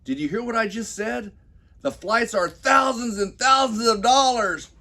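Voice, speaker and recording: A man voicing a panicked wife who shouts in a shrill, exasperated way. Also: big pitch swings, normal speed, breathy edge, full character voice. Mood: frantic. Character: frantic shrieking wife, adult woman.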